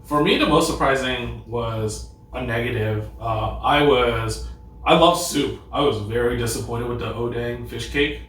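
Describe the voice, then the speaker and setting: A man's voice: medium pitch, measured pace. Guy hosting a food review, laid back, lots of uhs, sounds far off in a very echoey room. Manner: relaxed, hesitant with fillers. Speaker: host. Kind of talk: casual food review chat. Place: restaurant.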